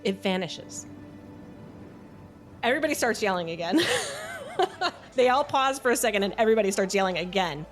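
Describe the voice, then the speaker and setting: Woman game master, vivid steady narration, light music underneath. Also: mid-range voice, fairly quick, long pauses.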